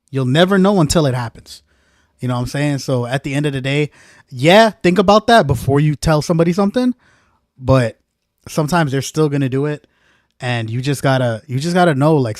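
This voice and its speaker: A man co-hosting a live stream, talking in relaxed slangy chat that drifts quiet. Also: medium pitch, a little fast, no room sound, clean studio sound.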